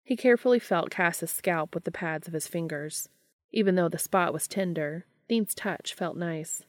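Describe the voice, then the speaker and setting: A woman narrating a fan fiction audiobook in a calm, even storytelling manner. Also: fairly low pitch, moderate pace.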